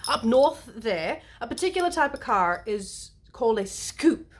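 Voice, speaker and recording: A woman vlogging a casual monologue to camera, playful and animated, wandering into asides and acting out little quotes. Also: on the high side, unhurried. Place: lives in the United States.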